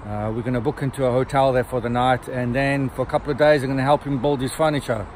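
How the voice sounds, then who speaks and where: A man's voice: mid-range voice, fairly even intonation, fast, darkish tone, slight background noise. A middle-aged man, chatting casually to camera as a reviewer, rambling with frequent ums. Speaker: book and TV series reviewer. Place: in a car on a road trip.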